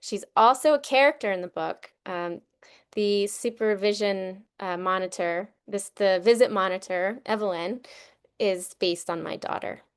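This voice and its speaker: A woman's voice: mid-range voice, measured pace, clear, resonant tone. A woman in her thirties, an author speaking casually on a video call at her book launch, talking with many fillers and small self-corrections. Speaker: author and trauma consultant.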